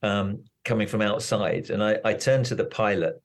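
An older man, a doctor, chatting as an interview guest, telling stories in a plain-spoken way with halting restarts. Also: on the low side, steady tone. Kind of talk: casual interview chat.

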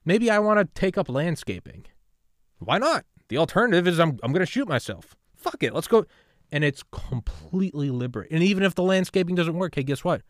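A man hosting a podcast in casual talk, rambling and swearing, sliding between quiet musing and loud fired-up pep talk. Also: fairly high pitch, sing-song, a little fast, no room sound, studio quality. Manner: rambling, profane, swings from subdued to loud and fired-up. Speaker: podcast host. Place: home room with gaming setup.

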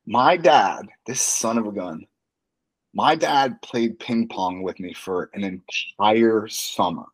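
Animated man hosting a podcast. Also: lowish voice, slow pace, husky, rough recording. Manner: animated, laughing, filler-heavy. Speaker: podcast host, wrestling coach. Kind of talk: casual podcast chat.

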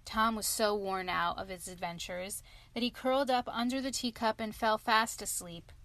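A woman narrating a children's storybook aloud in a clear, expressive reading. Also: mid-range voice, moderate pace, dry recording.

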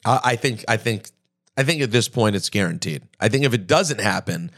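A man's voice: fairly low pitch, expressive, brisk, a bit bright. Man, podcast co-host, casual chat, thinks aloud, frequent restarts.

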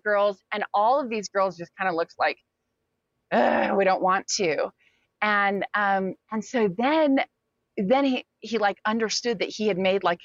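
A woman in her forties telling a personal story as an interview guest, animated and talkative, acting out what people said. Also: medium pitch, no room sound, highs cut off. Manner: animated, talkative, acts out quotes.

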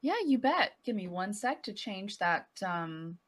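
A woman's voice: mid-range voice, expressive, a little slow. A woman co-hosting a casual podcast, cheeky and playful with the others. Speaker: co-host.

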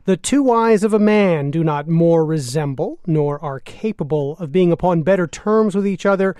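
Man co-hosting, mellow scripted radio narration. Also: fairly high pitch, normal speed, clear, resonant tone, no room sound, clean studio sound. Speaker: radio show co-host.

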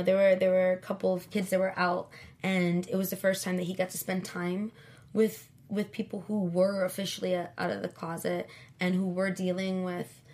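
A chatty woman in her thirties, talking as an interview guest. She tells her story with lots of fillers, and her voice jumps up high and loud whenever she acts out what someone said. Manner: chatty storyteller, acts out quoted lines in high animated bursts. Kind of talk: casual interview chat.

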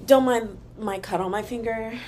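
A woman's voice: fairly high pitch, moderate pace, a little mellow, slight background noise. A young woman hosting a casual solo podcast, chatty and gossipy, calling her listeners y'all, talking into her computer's built-in mic at home. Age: young adult. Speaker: podcast host. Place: room at home in front of a wall.

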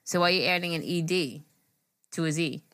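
A woman from New York co-hosting a podcast, chatting in an animated, amazed and giggly way. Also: on the low side, brisk, no room sound. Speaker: podcast co-host. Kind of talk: casual chat.

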